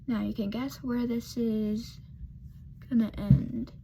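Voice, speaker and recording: A woman's voice: fairly high pitch, fairly even intonation, slow, creaky, warm tone, a little hiss or hum. A woman vlogger telling a casual storytime while doing her makeup, rambling and losing her thread with lots of fillers.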